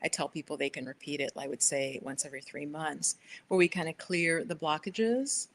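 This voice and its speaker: A woman's voice: deep voice, moderate pace. A middle-aged woman hosting a casual livestream from her sofa, chatty and rambling as she gives tarot readings to viewers. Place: living room sofa by big windows.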